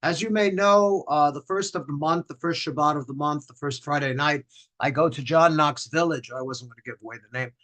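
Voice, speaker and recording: An older man with a slightly high voice leads a synagogue service as rabbi. He cracks self-deprecating jokes and teaches the congregation a song line by line, in call-and-response. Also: a little fast, pushed and bright. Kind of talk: livestreamed Friday night service with teaching and song. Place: synagogue sanctuary.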